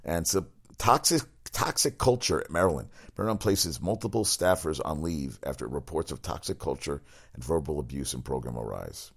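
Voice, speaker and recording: A middle-aged sports talk show host with a creaky, husky bass voice speaks at normal speed. He rambles and swears casually, reacting to the news and telling stories in an animated way.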